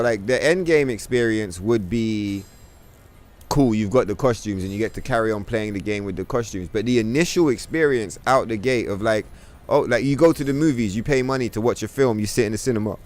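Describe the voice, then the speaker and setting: A man's voice: mid-range voice, a little hiss or hum. A man streaming a game, ranting in a casual, profane, exasperated way and mocking others in put-on voices. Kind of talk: casual gaming stream rant.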